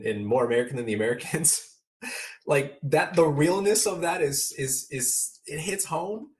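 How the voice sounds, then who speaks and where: A man from Southern California, a motivational speaker, talking candidly as a podcast guest and telling earnest stories in which he acts out remembered exchanges. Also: medium pitch.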